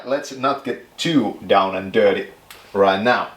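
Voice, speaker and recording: Guy rambling slow in his kitchen, jokey, laughs a lot, echoey room. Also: lowish voice, a little hiss or hum. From Finland. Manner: joking, rambling, laughs often. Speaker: vlogger. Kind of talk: rambling casual monologue. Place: home kitchen, indoors.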